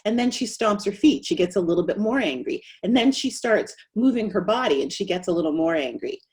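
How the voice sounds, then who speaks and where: A middle-aged woman, a speech-language pathologist, giving an animated webinar presentation. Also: medium pitch, fairly quick. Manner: animated, acts out quoted voices.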